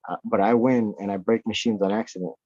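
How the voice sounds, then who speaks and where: Profane, excitable male guest, slightly low voice, muffled remote-call audio. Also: quick pace, dry recording. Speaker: podcast guest. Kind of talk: casual chat. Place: off-grid homestead at night.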